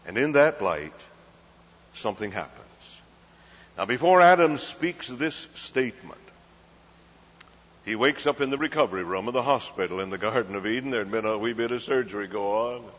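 Man, folksy storytelling sermon, middle pitch, reverberant hall, muffled old recording. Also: expressive, moderate pace, fairly bright tone. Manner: folksy, asks the crowd questions, acts out voices. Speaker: preacher.

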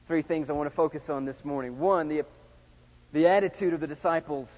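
A middle-aged man preaching a sermon, swinging from loud shouts to hushed, intimate tones. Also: a little high, a little fast. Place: large church sanctuary. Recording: dull sound with long hall reverb.

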